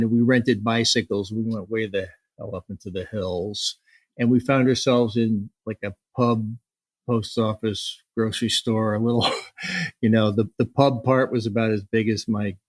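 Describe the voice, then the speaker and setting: Relaxed male host, dry sound. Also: on the low side, measured pace, no room sound. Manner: relaxed, hesitant storytelling with fillers. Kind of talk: casual interview conversation.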